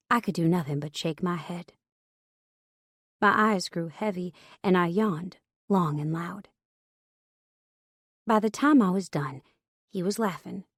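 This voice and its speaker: A woman narrates a first-person romance audiobook in a somewhat low, confiding voice. She sits close to the mic in a dry studio with no room sound. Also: unhurried, long pauses, breathy edge, dry recording.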